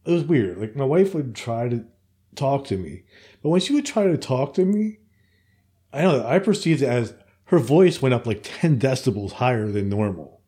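A man's voice: mid-range voice, lively intonation, moderate pace, mellow. A laid-back man in casual chat, rambling and repeating his words.

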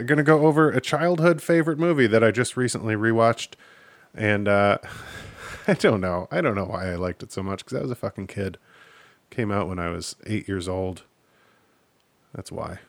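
This podcast host, a man in his thirties, has a lowish voice and a moderate pace, pausing often, with no echo on the recording. His solo show is casual, full of self-mocking jokes and offhand cursing.

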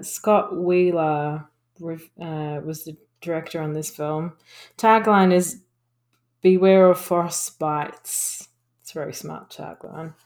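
A woman's voice: lowish voice, darkish tone. A woman co-hosting a podcast, reviewing a bad film in a casual, sarcastic way and swearing freely. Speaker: podcast co-host.

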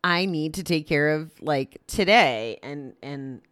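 A woman's voice: low voice, lively intonation, takes it slowly, fairly bright tone, no room sound, clean studio sound. A young woman reading a daily recovery passage, then thinking aloud in a candid, rambling way with lots of "like" and restarts. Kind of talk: reading aloud then casual reflective talk.

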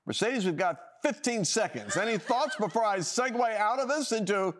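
A man's voice: high voice, big pitch swings, moderate pace, noisy background. A man hosting a political talk show, delivering opinionated commentary with emphatic, sarcastic emphasis and frequent restarts.

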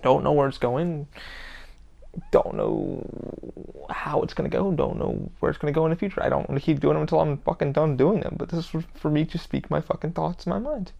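A man's voice: fairly high pitch, gravelly, dark tone, muffled recording. A man hosting his own podcast, talking alone in a rambling, emphatic rant full of swearing. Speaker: podcast host. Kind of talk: casual solo podcast rant.

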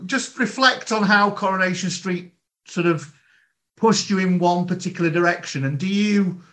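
Bright-voiced male interviewer. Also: sits high. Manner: conversational, quick bursts of questions. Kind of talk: casual interview chat.

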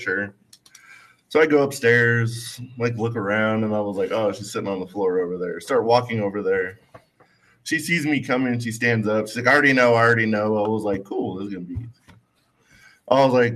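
A man's voice: medium pitch, pushed and bright. A man co-hosting a podcast, telling a story in a laid-back way, full of "I was like" retellings. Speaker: podcast co-host. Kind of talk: casual storytelling.

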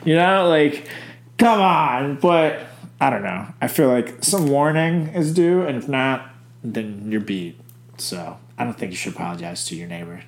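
A man's voice: mid-range voice, unhurried, creaky, echoey room. A young man co-hosting a casual chat, telling crude stories with lots of swearing. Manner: crude, animated storyteller, swears a lot.

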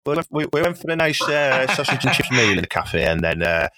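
Man, animated up-and-down voice, bright, dry close sound, sweary mock rants. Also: medium pitch, a little fast, dry recording. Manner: sweary, teasing, mock-ranting. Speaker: comedian, co-host. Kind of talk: casual chat.

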